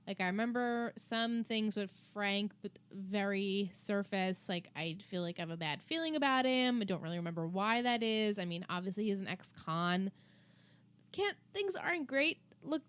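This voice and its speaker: A woman with a Long Island accent co-hosting a podcast in casual chat, talkative and quick to laugh at her own jokes. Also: mid-range voice, clean tone. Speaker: podcast co-host.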